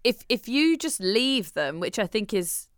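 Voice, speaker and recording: A woman in her thirties talks through her parenting choices on a podcast, often second-guessing herself aloud. Her voice is smooth and clear, at an ordinary middle pitch. The recording is dry and close. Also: very animated, a little slow, dry recording. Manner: thoughtful and self-questioning, warm agreeing. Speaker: podcast co-host. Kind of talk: casual chat.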